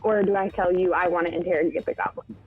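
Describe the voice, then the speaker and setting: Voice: medium pitch, fast talker, slightly rough, dry recording, phone-quality sound, faint music behind. A player in a tabletop game who asks questions and checks the rules before acting.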